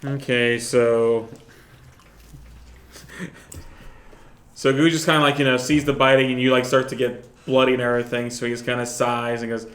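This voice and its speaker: A man's voice: mid-range voice, level tone, normal speed, long pauses, a bit bright. A man playing a tabletop game, describing his character's actions hesitantly with many fillers. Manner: hesitant, many fillers, laughs between phrases. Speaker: player.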